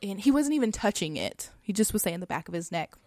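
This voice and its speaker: A woman's voice: mid-range voice, sing-song, fast talker, dry recording. Chatty woman telling a story, dry sound. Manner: chatty, frequent "like" and soft laughs. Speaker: podcast co-host telling a story. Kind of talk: casual storytelling.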